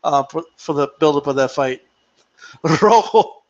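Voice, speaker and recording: A man's voice: on the high side, flat delivery, fairly quick, background noise. A young man chatting casually on a live boxing stream, laughing a lot, swearing freely, and slipping into Spanish when he quotes fighters. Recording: dull lo-fi stream audio.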